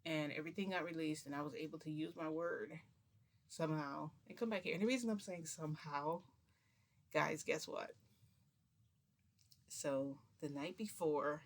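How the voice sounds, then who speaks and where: A woman's voice: low-pitched, normal speed, pauses often. A woman vlogger telling a long casual story to her viewers, chatty and rambling, with many restarts.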